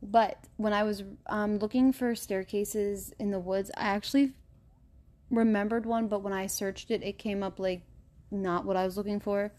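Woman podcast host, casual chat, chatty, mid-pitched voice. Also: steady tone, moderate pace, a little mellow. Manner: chatty, stumbles over names, laughs easily.

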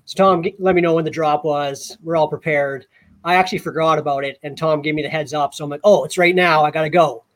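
Man, somewhat high voice, casual podcast co-host, animated storyteller, repeats himself. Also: fast. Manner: animated, repeats words while telling a story.

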